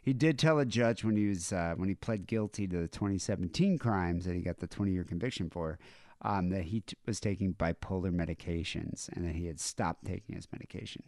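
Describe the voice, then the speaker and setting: A man's voice: low voice, a little fast, a little mellow, no room sound, studio quality. A man co-hosting a comedy podcast, reading news stories aloud in a laid-back, wry way. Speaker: podcast co-host. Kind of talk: casual comedic chat.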